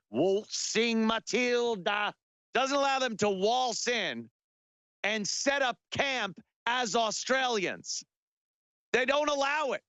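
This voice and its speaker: Man, talk radio host, sarcastic rambling monologue, bright high voice, dry dull studio sound. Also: no room sound. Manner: mocking, rambling, lots of filler words.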